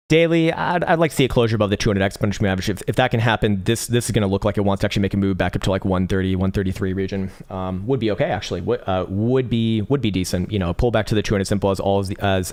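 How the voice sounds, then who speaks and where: A man's voice: fairly low pitch, darkish tone. A young man hosting a live trading stream, talking through charts in a loose, rambling way with casual swearing. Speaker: crypto trading livestream host.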